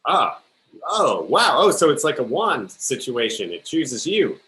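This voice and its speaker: A man's voice: medium pitch, big pitch swings, measured pace, bright, forceful tone, roomy sound. A man playing a rambling space interviewer. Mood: awkward. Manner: rambling, tosses in "all right?" and "okay?". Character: rambling male space-station interviewer, fussy and awkward. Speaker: host of the sketch. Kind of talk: live improv comedy.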